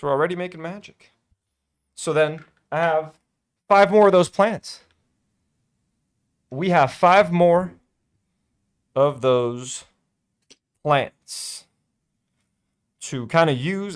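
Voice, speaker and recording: A young man hosting a casual hobby vlog, chatty and self-delighted, full of fillers. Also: medium pitch. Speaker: toy-building channel host.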